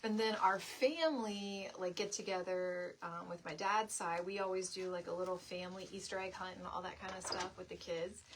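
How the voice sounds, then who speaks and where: A woman's voice: fairly low pitch, fairly even intonation, normal speed, few pauses, slight background noise. A middle-aged woman hosting a live home-decor stream, chatting in a rambling, friendly way and answering viewer comments as she works. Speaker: DIY live stream host. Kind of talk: casual chat while crafting on a live stream. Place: home craft space, indoors.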